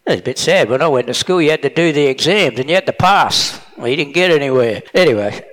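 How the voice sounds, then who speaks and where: Male preacher, middle-aged, slightly higher voice, plain and emphatic, restarts sentences, hall reverb. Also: animated, fast, a bit bright. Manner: plain-spoken, emphatic, with self-corrections. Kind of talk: sermon.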